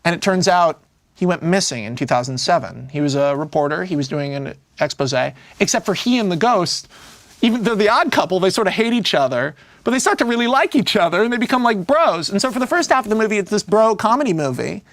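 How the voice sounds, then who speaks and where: A man, a screenwriter, talking casually in an interview and acting out scenes as he pitches a film. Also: no room sound. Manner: animated storyteller who acts out scenes; speaks in fast bursts with many "like" fillers.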